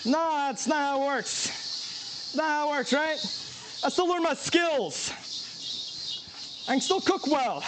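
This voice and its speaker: High-voiced man chatting while he cooks. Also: lively intonation, takes it slowly, long pauses, background noise. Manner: rambling, self-mocking, laughs often. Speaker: cooking streamer. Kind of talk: casual live-stream chat while cooking.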